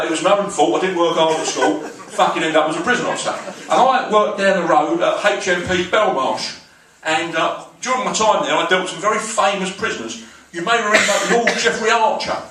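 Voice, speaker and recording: A South London man in his forties doing crude, self-deprecating stand-up comedy with a deadpan touch. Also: high voice, a little fast, few pauses, noisy background. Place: comedy club. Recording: echoey club from a distance.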